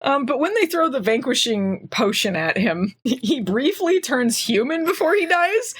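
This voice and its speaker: A woman's voice: high voice, big pitch swings, normal speed, breathy edge. A woman hosting a podcast, recapping a TV episode in casual, sarcastic chat and laughing often. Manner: sarcastic, laughing, acts out quotes. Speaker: podcast host.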